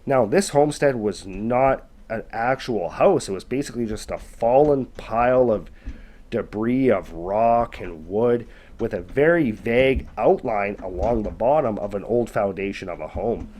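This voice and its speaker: A man's voice: lowish voice, expressive, unhurried, darkish tone. A man narrating an eerie encounter story in a loose, conversational way, with lots of filler words. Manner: loose, conversational, with many fillers like "kind of" and "basically". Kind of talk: casual retelling of a scary story.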